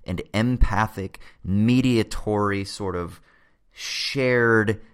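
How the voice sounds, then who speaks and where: A man's voice: on the low side, slow pace, smooth. A man explaining philosophy in a casual podcast chat, swearing freely and checking in with "right?".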